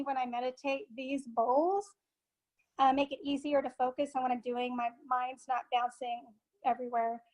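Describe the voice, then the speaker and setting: A woman guest in a casual interview, a sound therapist who talks haltingly with many filler pauses. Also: high voice, poor audio.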